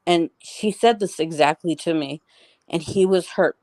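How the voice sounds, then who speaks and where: A woman's voice: fairly low pitch, moderate pace, darkish tone, no room sound. A middle-aged woman telling a story as an interview guest, in a rambling, casual way full of "like" and restarts.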